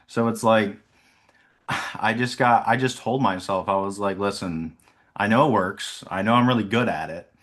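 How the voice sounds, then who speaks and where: Low-voiced young man sharing his story. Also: normal speed, fairly bright tone. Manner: rambling, many "like" fillers, laughs often. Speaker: insurance sales agent. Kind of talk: casual reflective talk. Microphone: video call.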